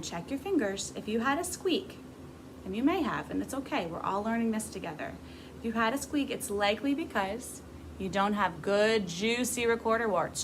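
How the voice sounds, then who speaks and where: A woman's voice: medium pitch, background noise. A grown woman teaching a beginner music class to camera, patient and encouraging as she demonstrates. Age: adult.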